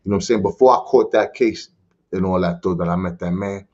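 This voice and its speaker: Fast and darkish in tone, this man's voice sits low. He's from the Bronx, New York, and as a podcast guest he gives personal testimony about his life in casual conversation, with streetwise slang and frequent "you heard?" It's a dull lo-fi recording.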